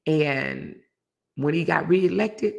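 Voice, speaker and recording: A middle-aged woman hosting a casual live stream tells a story. Her low voice carries heavy gravelly fry, and her pitch swings widely as she acts out the people in her story. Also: slow, lo-fi sound. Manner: animated storyteller, acts out quoted voices with big pitch jumps. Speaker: host of a live relationship talk show.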